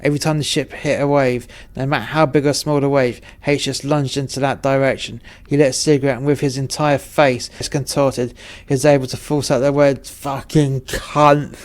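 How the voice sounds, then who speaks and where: A man narrating a story in a wry, profane, deadpan way. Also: mid-range voice, brisk, hardly any pauses.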